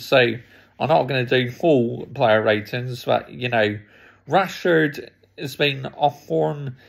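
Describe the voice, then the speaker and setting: A man's voice: mid-range voice, creaky. A man delivering an angry, frustrated football fan rant full of swearing.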